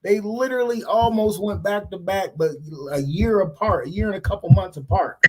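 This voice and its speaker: High-voiced, blunt man talking shop. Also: normal speed, very noisy. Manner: blunt, animated, heavy slang and profanity. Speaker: podcast co-host. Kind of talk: casual podcast chat. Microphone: remote stream mic.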